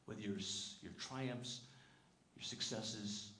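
A man preaching a sermon as pastor, earnest and emphatic, dropping soft and low on tender lines and telling stories with lively quoted voices. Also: slow pace. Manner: lively storytelling, putting on character voices in quotes. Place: church sanctuary. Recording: echoey church sanctuary with faint room noise.

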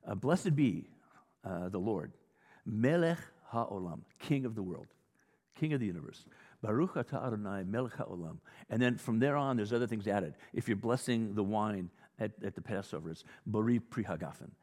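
A male pastor preaching a sermon in a conversational, animated teaching style with frequent restarts. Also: on the low side, normal speed. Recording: long hall reverb.

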